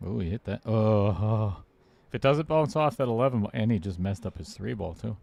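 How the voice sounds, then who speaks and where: A man calls a pool match in a relaxed, chatty way and laughs easily. His voice sits low and has a gravelly rasp. He sounds like a regular host joking with his co-commentator. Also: normal speed, no echo. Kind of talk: casual live commentary.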